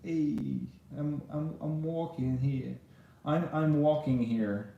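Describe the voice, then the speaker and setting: A man's voice: a little high, slow, vocal fry, phone-quality sound, voice pushed up. A man voicing a brash, pushy New Yorker on the street, in a put-on New York accent. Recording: very echoey room.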